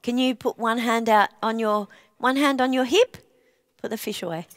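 A woman presenting to young children, speaking in a gentle, encouraging way and asking playful questions between songs. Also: fairly high pitch, normal speed, no echo, clean studio sound.

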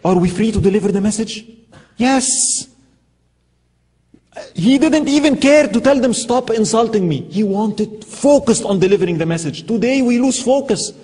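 A man's voice: sits high, lively intonation, moderate pace, warm tone. A man giving a sermon talk, telling stories with emphatic rhetorical questions. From Egypt. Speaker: Islamic speaker. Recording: lecture hall with long reverb.

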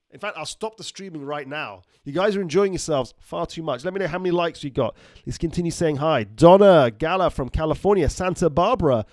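A man's voice: fairly high pitch, a little fast, hardly any pauses, darkish tone, dry recording. A man, a doctor hosting a casual live stream, reading out viewers' names and places and joking with the chat. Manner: reads out viewer names and greetings, jokey.

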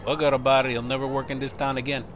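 A man streaming a war shooter, wisecracking and reacting excitedly while he plays. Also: mid-range voice, racing, noisy background. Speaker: game streamer. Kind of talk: live gameplay commentary. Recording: game audio loud behind voice. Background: loud gunfire and game sounds.

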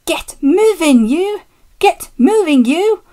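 A woman's voice: high-pitched, lively intonation, measured pace, voice pushed up. A woman voicing a bold, cheeky male steam engine who teases innocently and pushes on with grim determination. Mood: determined. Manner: teasing, grim and shouting when pushing.

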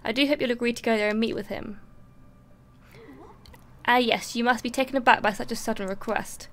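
A woman's voice: on the high side, steady tone, brisk, lightly acted. A woman voicing a polite, apologetic fish-person messenger, reading game dialogue aloud in a formal, courteous way.

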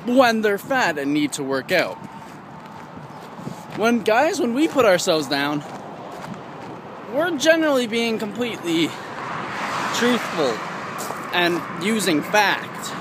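A young man vlogging outdoors in a casual, rambling rant, animated and prone to high mocking squeals. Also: takes it slowly, pauses often. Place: outdoors, walking in town. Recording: outdoor street noise behind.

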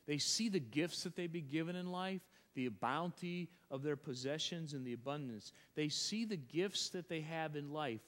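A man's voice: fairly high pitch, normal speed, hardly any pauses, fairly bright tone. A male pastor preaching a sermon, emphatic and repeating phrases, often restarting his sentences. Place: church sanctuary. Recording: long church reverb.

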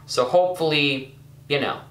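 Young guy talking thru his game, bright forceful voice, kinda echoey room, faint hum behind. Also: on the high side, normal speed. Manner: chatty, excitable, self-critical with frequent ums and uhs. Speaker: gaming YouTuber. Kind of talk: casual gameplay commentary.

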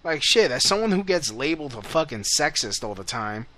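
A man rants as the host of a call-in show, blunt and quick to swear. His voice is slightly high and strikingly bright, with a forceful edge. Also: sing-song. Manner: heated, blunt, swears a lot. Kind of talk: casual profane rant.

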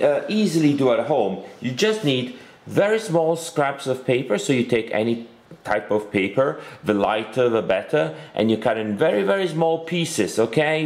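A man's voice: medium pitch, darkish tone. Patient male science teacher. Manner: patient, explanatory, often checks in with "okay?". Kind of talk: recorded online science lesson. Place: room at home with a bookshelf.

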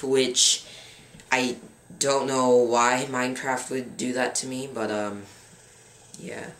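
A young man in his teens giving casual gameplay commentary as a gaming channel host, rambling, filling pauses with um and grumbling at his game. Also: medium pitch, little pitch movement. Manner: frustrated, rambling, fills pauses with um. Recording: roomy with faint background noise.

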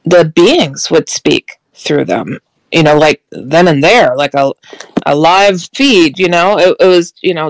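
Woman guest, gravelly fry, dry close sound, animated storyteller who acts out the dialogue. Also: sits low, no room sound, poor audio. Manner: animated, quotes dialogue, laughs often, frequent restarts. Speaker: guest recounting a paranormal experience. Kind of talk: casual storytelling.

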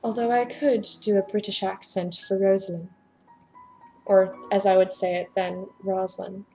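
Chatty woman with a gravelly fry. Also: mid-range voice, fairly even intonation, normal speed, warm tone, soft background music. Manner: chatty, self-deprecating, voices the game's dialogue. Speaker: let's play gamer. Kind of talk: casual gameplay commentary and reading dialogue aloud.

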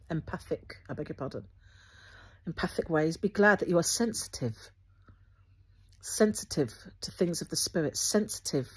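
Woman host, low-pitched and breathy, speaks earnestly and gently to her viewers. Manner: earnest and gently instructive, with frequent restarts. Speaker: Christian video host. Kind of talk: spoken encouragement to viewers.

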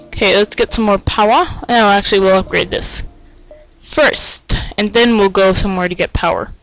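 A man giving let's play commentary, excitable and self-mocking, with sing-song taunts. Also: high-pitched, poor audio. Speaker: gamer.

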